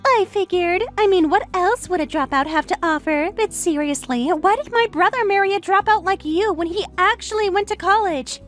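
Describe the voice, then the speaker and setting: A woman's voice: very high-pitched, normal speed, few pauses, fairly bright tone. A woman voicing an arrogant, condescending young sister-in-law in a dramatized text-message story, with a sneering, mocking manner. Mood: scornful. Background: faint music.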